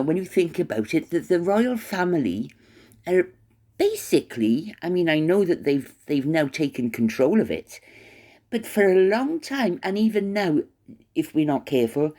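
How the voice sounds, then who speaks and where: Brief: low, mellow-voiced woman ranting scornfully, lots of stumbling restarts. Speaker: commentary vlogger. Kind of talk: opinionated monologue.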